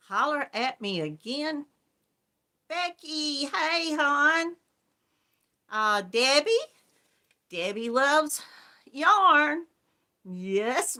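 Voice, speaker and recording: Woman hosting a casual crafting livestream, homey and chatty, bright, fairly high voice. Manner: chatty and homey, calls viewers hon. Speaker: crochet livestream host. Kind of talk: casual livestream chat greeting viewers.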